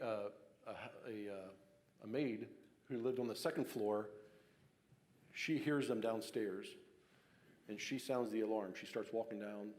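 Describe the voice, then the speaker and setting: A man gives a casual public talk on local history, telling the story conversationally with fillers and restarts. His voice is fairly low in pitch with a darkish tone, and a long hall reverb carries through the recording.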